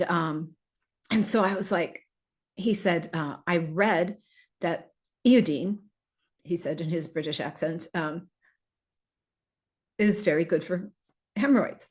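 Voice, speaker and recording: A middle-aged woman hosting a casual podcast about herbal remedies, talking in a rambling, chatty way with many fillers and restarts. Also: fairly low pitch. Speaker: host selling herbal remedies.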